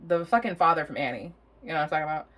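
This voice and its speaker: Young woman tarot reader, low register, very lively pitch, rambling and giggly, casual swearing. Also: racing. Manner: chatty, rambling, laughs often, swears casually.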